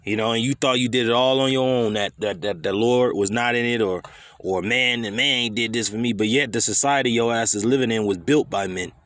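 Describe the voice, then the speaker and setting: A man's voice: mid-range voice, brisk, fairly bright tone, dry recording. A man preaching a blunt, confrontational scripture sermon full of profanity and street slang.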